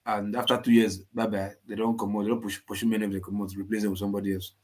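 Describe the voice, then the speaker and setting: A man calling in to an online talk show, speaking in a matter-of-fact, low-key way. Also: flat delivery, racing, a little mellow. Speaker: caller. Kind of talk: casual call-in commentary.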